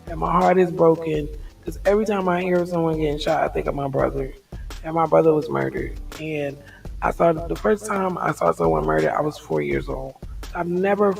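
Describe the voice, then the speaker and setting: A woman vlogger speaks in a frank, rambling monologue, often laughing things off to ease stress. Her voice is gravelly with a fair amount of fry. She sits some way from the mic, with faint music in the background. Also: sits low, darkish tone, far from the mic, rough recording. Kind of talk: candid reflective monologue.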